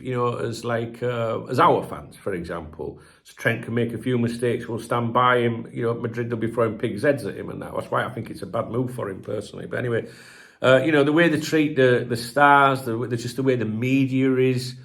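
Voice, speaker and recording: A man's voice: mid-range voice, a bit bright. Chatty man reading football news. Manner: chatty and digressive, with frequent fillers and rhetorical asides; blunt, occasional swearing. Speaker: football channel host. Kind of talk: reading news aloud with casual commentary.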